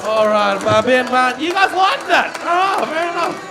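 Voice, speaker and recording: A man's voice: very high voice, lively intonation, normal speed. A man with an Australian accent hosting an open-mic comedy show, loose and sweary, bantering between acts. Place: comedy club with audience. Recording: live club sound with crowd and music.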